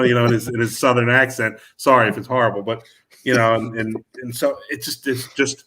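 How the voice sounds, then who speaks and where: A man's voice: medium pitch, fast talker, a bit bright. A middle-aged man, a music manager, talking in a casual interview and rambling with many restarts and fillers. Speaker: music manager and producer guest.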